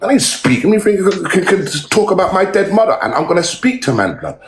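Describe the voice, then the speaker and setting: A man's voice: high-pitched, very animated, fast, background noise. A man ranting angrily on a phone livestream, swearing hard and taunting someone over and over. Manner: aggressive, swearing, repetitive taunts. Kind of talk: angry livestream rant. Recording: roomy echo.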